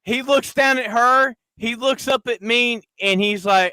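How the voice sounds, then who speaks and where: A podcast host tells a rowdy, profane story about his day. His voice sits high and bright, smooth and clear. It is recorded close on a dry mic. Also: unhurried, hardly any pauses, no room sound. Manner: loud, crude, animated storyteller, acting out quoted voices. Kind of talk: casual storytelling chat.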